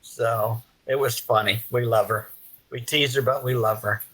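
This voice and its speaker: A man's voice: mid-range voice, moderate pace, poor audio. A man hosting a live video call, chatting casually and telling teasing stories about his guests. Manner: lively storyteller who teases guests. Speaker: livestream host.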